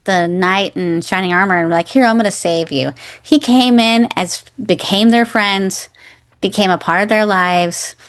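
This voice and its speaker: A woman's voice: medium pitch, a little slow. A woman in her forties talks through a film with a friend on a podcast, in a mid-range voice. She is enthusiastic and casual, and slips into little acted quotes. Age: 40s. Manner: enthusiastic, acts out quoted lines. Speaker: podcast co-host. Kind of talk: casual chat.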